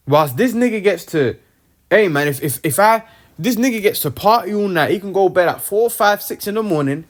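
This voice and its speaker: Young guy breaking down scripture, street slang, keeps saying man. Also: high-pitched. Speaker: Bible teacher. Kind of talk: informal scripture teaching.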